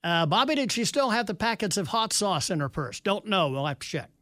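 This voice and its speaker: Wry, high-voiced radio host. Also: male voice, very animated, a little fast, sharp tone, no echo. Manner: wry, sarcastic asides. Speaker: radio talk show host. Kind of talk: talk radio, reading listener texts.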